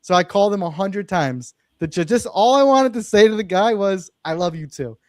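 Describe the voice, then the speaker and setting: A young man speaks as a podcast guest, his voice sitting a little high for a man. He tells his story earnestly and with emphasis. The sound is close and dry, with no room around it. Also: animated, moderate pace, no room sound. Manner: earnest, emphatic, swears it's true. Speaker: podcast guest, real estate investor. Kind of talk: casual interview storytelling.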